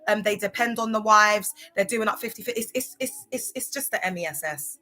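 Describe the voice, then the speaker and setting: A woman talks on her own to camera in an unscripted vlog. She is impassioned and blunt, and she spells some words out letter by letter for emphasis. Her pitch sits in an ordinary middle range for a woman. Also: expressive, fairly quick, sharp tone, faint music behind. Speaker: former church member speaking out. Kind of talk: casual vlog monologue.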